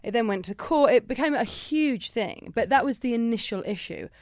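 A woman's voice: a little high, animated, normal speed, darkish tone, no echo, studio quality. A woman chatting casually as a podcast co-host, sarcastic and given to comic swearing. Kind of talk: casual chat.

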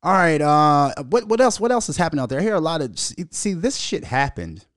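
A young adult man from Minnesota hosting a casual solo podcast, telling a story in a profane, animated way and laughing as he goes. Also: a little high, fairly quick, no echo, clean studio sound. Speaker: podcast host.

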